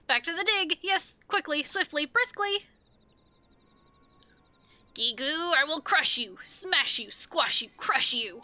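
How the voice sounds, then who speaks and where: A woman's voice: high-pitched, animated, slow pace, pauses often, pushed and bright, voice pushed up, exaggerated voice. A woman voicing a fussy, boastful little male foreman who piles up synonyms as he talks. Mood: eager. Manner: repeats himself in breathless strings of synonyms.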